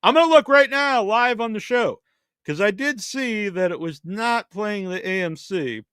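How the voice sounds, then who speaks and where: A man's voice: sits high, normal speed, a bit bright, clear, resonant tone, no room sound, studio quality. A man hosting a podcast in casual chat, chatty and thinking aloud as he searches online. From Massachusetts. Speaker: podcast host.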